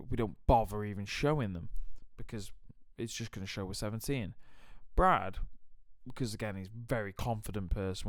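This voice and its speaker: A man's voice: lowish voice, dry recording, studio quality. A young adult man with a British accent, hosting a podcast and telling stories animatedly, swearing and filling his talk with "like". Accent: British English. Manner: animated, swearing, many fillers. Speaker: podcast host. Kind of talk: casual storytelling chat.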